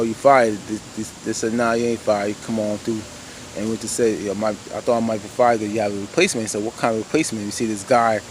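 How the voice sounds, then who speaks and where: The audio is poor, with slight background noise, as a lowish-voiced man rambles through a casual episode recap. This TV show reviewer leans on "you know" fillers and talks to his audience as "y'all."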